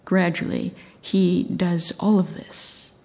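A woman retelling a true story in an earnest, measured way. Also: lowish voice, level tone, mellow, big-room sound. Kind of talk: storytelling talk.

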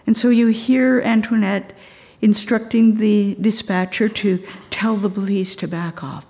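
A woman retelling a true story in an earnest, measured way. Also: mid-range voice, steady tone, a little mellow, in a large hall. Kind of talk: storytelling talk.

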